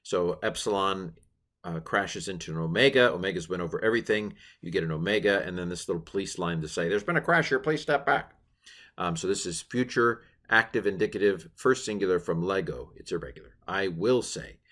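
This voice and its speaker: Guy with a lowish voice walking through greek grammar, lots of ums and little jokes. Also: fairly bright tone. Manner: chatty, halting, with many ums and uhs and playful asides. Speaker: Greek teacher. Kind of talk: informal recorded lesson.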